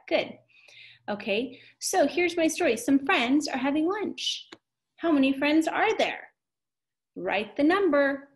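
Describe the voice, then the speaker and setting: A woman teaching a kindergarten math video lesson, cheerful and encouraging, with an exaggerated voice for young children. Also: sits high.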